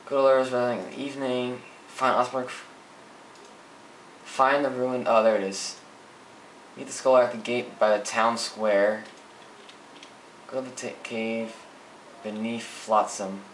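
Male gamer commentator, mid-pitched, cursing a lot; distant, echoey mic with loud game noise behind. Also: little pitch movement, measured pace, long pauses. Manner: profane, frustrated ranting. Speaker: gameplay commentator. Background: game audio with ambience.

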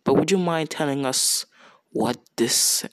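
A young man plays a stiff, formal king who stumbles through his questions at an unhurried pace. The voice sounds close and dry. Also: mid-range voice, no echo, natural voice. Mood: probing.

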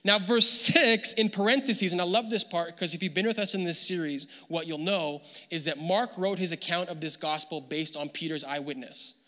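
A man preaching a sermon as pastor, animated and acting out the people he quotes. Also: high-pitched, normal speed, hardly any pauses, in a large hall. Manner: animated, acts out quoted voices. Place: church hall.

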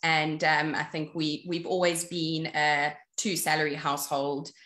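A woman's voice: low-pitched, flat delivery, unhurried, a bit bright. A woman on a discussion panel, explaining her views earnestly in casual chat. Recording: echoey room.

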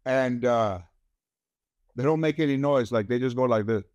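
An older man, a comedian guest, telling stories in a casual chat, going from quiet asides to punchy lines. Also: medium pitch, moderate pace, muffled recording, slight background noise. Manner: animated storyteller, drops to quiet asides then punches up. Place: radio studio.

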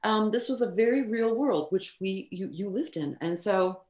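This middle-aged recording engineer is swapping stories in a relaxed interview, speaking bluntly and energetically, cursing offhandedly, and leaning on lots of filler words. Her pitch is medium, her pace ordinary, and the recording carries a roomy echo.

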